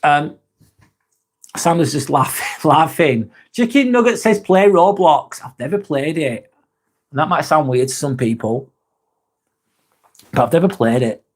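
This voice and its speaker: Casual male livestream host, slightly higher voice, relaxed and chatty, reads comments out, swears, laughs easily. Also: measured pace, long pauses, husky. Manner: laid-back, swears freely, laughs often; reads viewer comments aloud. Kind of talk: casual live chat.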